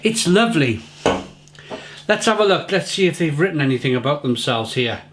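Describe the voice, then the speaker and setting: Middle-aged man, beer reviewer, enthusiastic, repeats himself, fairly high-pitched, casual to-camera talk. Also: lively intonation, normal speed, background noise. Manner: enthusiastic, repeats words, restarts often.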